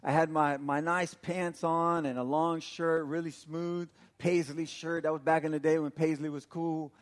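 A middle-aged man from Texas, a pastor preaching a sermon and telling a personal story in an animated way. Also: on the high side, moderate pace. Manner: animated storytelling, acts out quotes with laughter.

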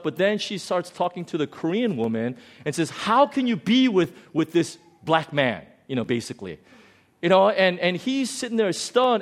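A man preaching a sermon in a conversational, storytelling way, swinging between loud outbursts and quiet, low passages. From lives in Hong Kong. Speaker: pastor.

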